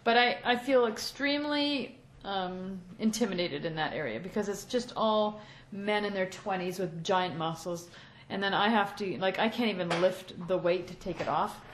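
A woman's voice: mid-range voice, moderate pace, slight background noise, rough recording. A woman hosting a podcast in casual, chatty talk from a small home office studio. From Canada. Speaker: podcast host.

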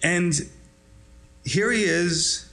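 A man's voice: high-pitched, very slow, bright, forceful tone. A male pastor giving a conversational sermon on a scripture passage, acting out the quotes and chuckling now and then. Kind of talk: expository sermon.

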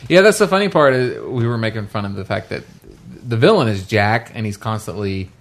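A man's voice: fairly low pitch, expressive, a little fast. A man in casual conversation about a video game who keeps acting out game characters' lines in funny voices.

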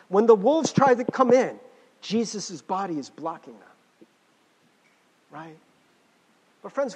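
A man preaching a sermon as a pastor, talking in a casual, animated way with frequent restarts and fillers. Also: high-pitched, in a large hall.

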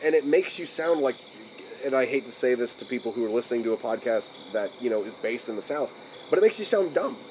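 A man in mid-pitch range chats loosely on a podcast, cursing freely as he rambles. He often trails off and restarts while hunting for the right phrase, and a faint hiss sits under his voice. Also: steady tone, fast, darkish tone, low-quality recording. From United States. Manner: rambling, profane, searching for words. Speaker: podcast co-host. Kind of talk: casual podcast chat.

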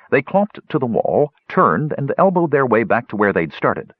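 A man narrating a fantasy audiobook in a steady, expressive way. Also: medium pitch, normal speed, breathy edge, dry recording. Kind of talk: scripted narration. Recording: dull lo-fi recording.

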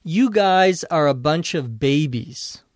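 A man's voice: a little high, lively intonation, takes it slowly, no echo, clean studio sound. A man reading the lines of a rowdy male sports fan heckling the other team. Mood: taunting. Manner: loud taunting yells.

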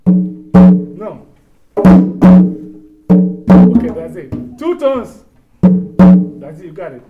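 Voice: mid-range voice, moderate pace, narrow, tinny audio, over loud music. A drum teacher leading a group class, patiently calling out strokes for the students to play. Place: room with drumming students. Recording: echoey room, mic at a distance, loud drumming.

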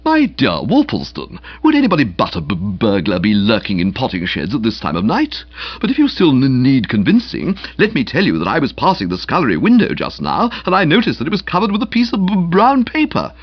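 A man voicing a pompous, self-satisfied young gentleman who stammers on his first sounds and talks down to others, in a dry, slightly dull recording. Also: medium pitch, wildly swooping pitch, a little fast, breathy edge, no room sound. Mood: pompous, eager. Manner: patronizing and full of himself.

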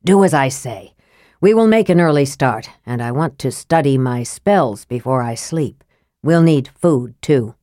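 A woman's voice: lively intonation, unhurried, dry recording, clean studio sound. Raistlin, a woman doing a cold scornful mage. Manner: cold, scathing, soft and low. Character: cold, sickly young male mage, scornful.

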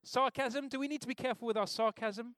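A man's voice: very high-pitched, steady tone, fast talker, a bit bright, dry recording. Guy preaching in church, chatty, keeps asking the crowd stuff, dry close sound. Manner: conversational, asks the congregation questions. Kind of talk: informal sermon.

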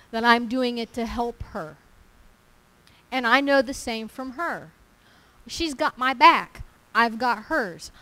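Emphatic woman preacher, higher voice. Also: bright, forceful tone, poor audio. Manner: emphatic, repetitive, conversational preaching. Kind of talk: sermon.

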